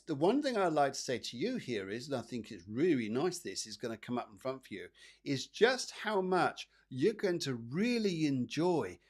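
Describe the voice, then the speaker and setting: Doing live card readings for his viewers, this psychic medium host speaks at a medium pitch. He's talkative and meandering, often repeating himself and filling pauses.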